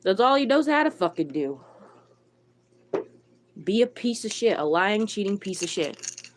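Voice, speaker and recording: A woman's voice: medium pitch, sing-song, measured pace, a little hiss or hum. A woman livestreamer ranting to her chat, blunt and irritated, swearing a lot and answering viewers by name. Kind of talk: live stream chat rant.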